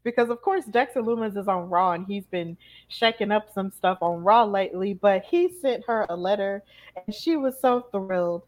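Casual co-host: woman, chatty recap voice, animated storytelling, mid-range pitch. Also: normal speed. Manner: chatty, animated retelling with acted-out quotes. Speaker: podcast co-host. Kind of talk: casual wrestling recap chat.

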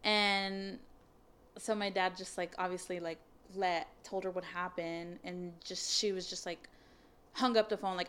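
A woman's voice: fairly low pitch, moderate pace. A young woman casually telling a personal story, candid, swearing freely and filling her talk with "like" and "um". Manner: candid, swears, many fillers, animated retelling of dialogue.

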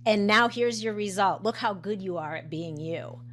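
This woman, who works as a coach and nutritionist, talks in a chatty way, often laughing and restarting her sentences amid plenty of fillers. She has a mid-range, fairly bright voice at a moderate pace, with slight background noise.

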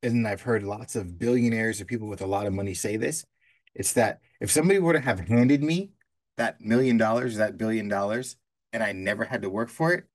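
A man's voice: fairly low pitch, fairly quick. A man co-hosting a casual podcast, talking through ideas with long everyday analogies in a loose, conversational way. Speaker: podcast co-host.

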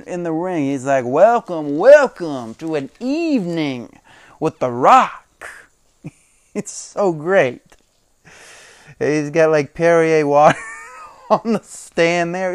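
A man's voice: a little high, smooth, dry recording, clean studio sound. A man hosting a casual solo podcast, retelling a story with frequent chuckles. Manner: chuckling, retelling with quoted impressions. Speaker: podcast host.

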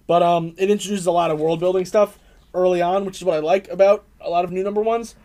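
A man's voice: high voice, fairly even intonation, quick pace, warm tone. A young man co-hosting a casual comic book review chat, rambling with lots of fillers and laughs. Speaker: comic book podcast co-host.

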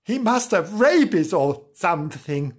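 A storyteller voicing a silly, panicky girl in a children's story, calling out in a high, alarmed voice. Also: very animated, unhurried, slightly rough. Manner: shrill, panicky.

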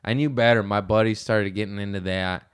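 A man's voice: lowish voice, fairly even intonation, fairly quick, clear, resonant tone. A man as a podcast guest, talking bluntly and profanely in a laid-back, storytelling way. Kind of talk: casual chat.

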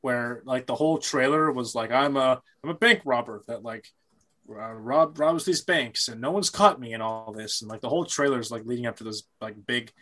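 A man's voice: mid-range voice, a little fast, sharp tone. A man in casual conversation, rambling and restarting, swearing freely as he talks about movies. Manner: rambling, repeats words, profane.

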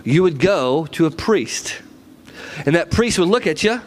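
A man's voice: fairly high pitch, animated, a little slow. A man preaching a sermon in a conversational, storytelling way, often checking in with "right?".

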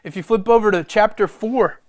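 A man preaching a sermon, animated and self-deprecating, acting out conversations between God and Moses. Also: sits high, normal speed. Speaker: pastor.

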